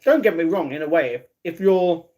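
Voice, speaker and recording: Young male streamer, casual and chatty, reads chat aloud, a touch higher than most men. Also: animated, a little fast, darkish tone. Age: 20s. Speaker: livestreaming vlogger. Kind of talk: casual live-stream chat, reading comments.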